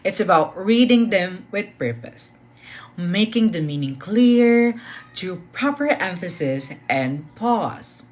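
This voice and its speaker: A woman presenting the final strategy, reading with clear emphasis and pauses. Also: lowish voice, animated, a little mellow. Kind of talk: scripted lesson presentation.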